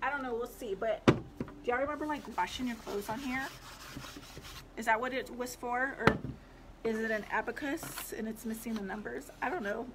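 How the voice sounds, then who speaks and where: A woman's voice: fairly high pitch, moderate pace, heavy background noise. A young woman, chatting casually to viewers on a live stream as she shows her thrift finds, rambling with lots of fillers. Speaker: livestream host showing thrift finds.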